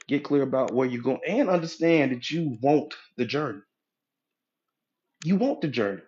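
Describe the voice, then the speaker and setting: A man's voice: medium pitch, animated, moderate pace, pauses often, a little mellow, muffled recording. A man giving a motivational talk in a live audio app room, speaking in a preachy, folksy way, repeating his points for emphasis. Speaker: motivational speaker, hypnotherapy coach.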